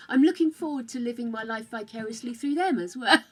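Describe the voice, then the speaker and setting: Her voice runs on the high side and is expressive, moving at a moderate pace with few pauses. She's an older woman from the United Kingdom making casual chat on her game stream and calling viewers darling and dearie. Her British accent slides from one regional accent to another.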